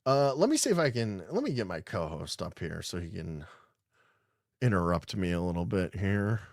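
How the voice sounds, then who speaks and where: A man's voice: deep voice, big pitch swings, moderate pace, vocal fry, a little mellow, no room sound, clean studio sound. A man hosting a casual podcast, reading news aloud and riffing on it in a rambling, sarcastic way with frequent swearing. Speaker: podcast host.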